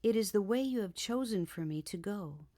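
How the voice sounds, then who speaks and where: A woman's voice: mid-range voice, expressive, moderate pace, warm tone, lightly acted. A woman reading an audiobook, voicing a timid, frightened young woman who pleads and trembles. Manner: pleading, sobbing, breathless.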